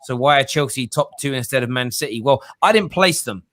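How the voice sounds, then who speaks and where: A man's voice: mid-range voice, expressive, fairly quick, a bit bright, no echo. A man hosting a live football debate stream, thinking aloud and changing his mind as he talks. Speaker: show host.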